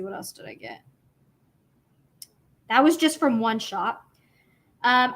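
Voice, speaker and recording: A woman's voice: fairly high pitch, a bit bright. A young woman chatting casually and bubbly on a craft livestream, rambling with many fillers.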